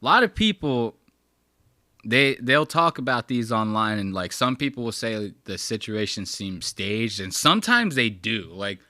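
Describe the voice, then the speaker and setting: A man hosting a casual live stream, mocking a clip with crude, animated commentary. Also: lowish voice, measured pace, no room sound, clean studio sound. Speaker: host.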